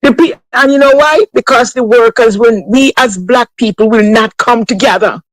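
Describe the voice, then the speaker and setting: A woman's voice: a little high, moderate pace, no echo, low-quality recording. A Jamaican woman calling in to a radio show, talking emphatically and breaking into exclamations. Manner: emphatic, exclaiming, calls on God. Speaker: caller. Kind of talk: call-in radio talk.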